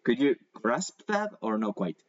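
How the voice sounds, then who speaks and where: A man whose first language is Spanish teaches English over a video call. He explains patiently with examples and drawn-out pronunciation. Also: medium pitch, big pitch swings, muffled recording. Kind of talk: online English lesson.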